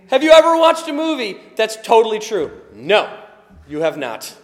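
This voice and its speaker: Lively preacher with booming hall reverb. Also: male voice, moderate pace. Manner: animated, swings from quiet asides to loud emphatic shouts; laughs often, conversational. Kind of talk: sermon.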